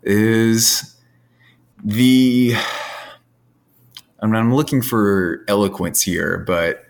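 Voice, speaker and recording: A man with a fairly low voice trades wry, joking banter as a podcast co-host. His delivery is loose and conversational. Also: drawn-out words, gravelly. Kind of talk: casual sports podcast chat.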